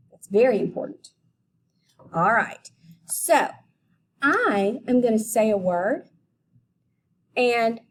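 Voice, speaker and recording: A woman teaching a phonics lesson to young children, deliberately sounding out letters and syllables. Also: fairly high pitch. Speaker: elementary school teacher.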